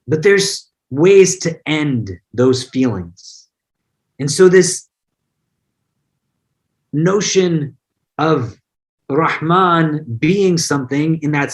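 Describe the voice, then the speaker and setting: A man, an imam, giving a conversational online religious lesson, explaining word meanings and mixing in personal anecdotes. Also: a little high. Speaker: imam teaching an online class.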